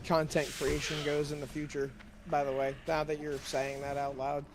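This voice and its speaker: A man's voice: fairly high pitch, little pitch movement, normal speed, background noise. A young man chatting casually with a gamer friend, laughing easily and poking fun at himself.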